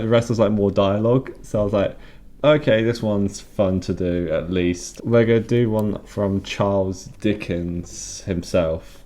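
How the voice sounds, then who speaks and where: Man, podcast co-host, laid-back and low-pitched. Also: dark tone. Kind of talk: casual chat.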